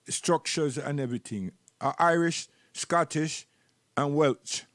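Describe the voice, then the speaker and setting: A man's voice: fairly high pitch, unhurried, fairly bright tone, no echo, clean studio sound. A man with a Jamaican accent giving rambling, preachy live-stream commentary and repeating words while he searches for the next one.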